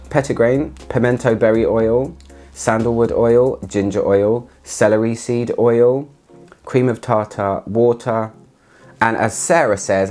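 A man chatting casually through a product review, excitable and laughing often as he talks. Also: on the low side. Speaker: fragrance reviewer.

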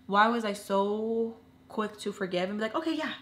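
A woman's voice: mid-range voice, level tone, moderate pace, a bit bright, roomy sound, slight background noise. A young woman telling an emotional personal story in a casual, earnest way, filling her talk with lots of "like"s. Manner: chatty, filler-heavy with many "like"s.

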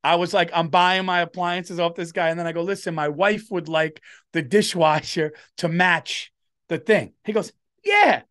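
A man's voice: fairly high pitch, steady tone, moderate pace, a bit bright. A middle-aged man, a comedian telling a story on a podcast and doing the voices of the people in it. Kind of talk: casual storytelling chat.

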